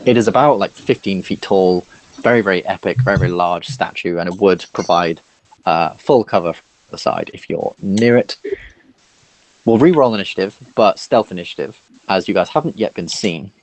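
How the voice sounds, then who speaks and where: Man running a tabletop game, low voice, dry close sound, halting, lots of fillers. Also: darkish tone, no room sound, rough recording. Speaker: dungeon master.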